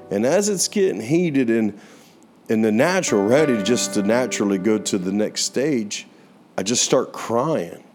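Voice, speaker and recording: A young man preaching, telling a personal testimony in an earnest voice that slows down for emphasis. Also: on the low side. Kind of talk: sermon testimony. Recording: guitar music playing underneath.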